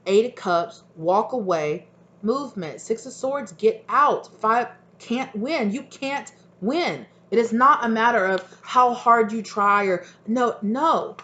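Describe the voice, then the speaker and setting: A woman's voice: on the high side, slow, pushed and bright, dull audio. Blunt, swearing woman reading tarot. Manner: casual and blunt, swears freely, acts out quoted reactions; rambling with many fillers. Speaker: tarot reader.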